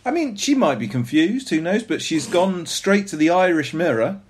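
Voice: medium pitch, sing-song, normal speed, a little hiss or hum. A podcast co-host, reading stories aloud and joking with a laugh. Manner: laughing, joking, self-mocking. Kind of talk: casual chat.

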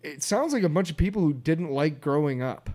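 A man's voice: fairly high pitch, lively intonation, fairly quick, a little mellow. A man co-hosting a casual chat, blunt and profane with a joking edge.

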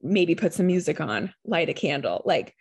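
A mother talks in a relaxed, meandering way, her voice sitting a little low. She leans on lots of fillers as she thinks out loud. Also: normal speed, gravelly, breathy edge. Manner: rambling, filler-heavy, reflective. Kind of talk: casual chat.

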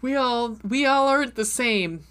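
A woman's voice: a little high, a little slow, smooth. A woman chatting casually about a novel with a friend, gushing and laughing as she reads favorite passages aloud. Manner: gushing, excitable, laughs often. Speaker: book discussion co-host. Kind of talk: casual chat and reading aloud.

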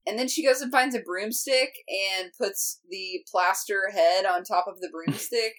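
A woman's voice: medium pitch, a little slow, a bit bright. A woman co-hosting a podcast, recapping an episode in casual chat, giggly and full of "like". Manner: chatty, giggly, lots of "like".

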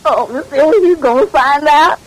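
An actress playing a frightened, crying housemaid who pleads anxiously in a 1940s radio drama. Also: female voice, extremely high pitch, lively intonation, normal speed, poor audio. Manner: pleading, dialect speech.

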